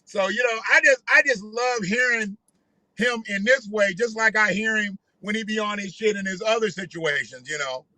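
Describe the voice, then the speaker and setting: Bright-voiced man in reaction commentary. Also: high-pitched, normal speed, poor audio. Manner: laughing, joking, loose and profane street talk. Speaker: commentary vlog host.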